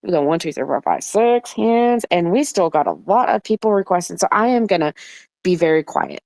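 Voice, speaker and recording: A woman's voice: fairly low pitch, animated, normal speed, a little mellow, dry recording. A woman hosting an online audio chat room, talking bluntly and heatedly in a casual way and swearing often.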